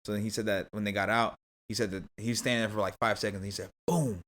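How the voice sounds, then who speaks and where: Fast-talking young man telling a story. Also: lowish voice, little pitch movement, bright, forceful tone. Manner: rambling, full of "like" and restarts. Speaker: podcast guest telling a story. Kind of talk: casual storytelling.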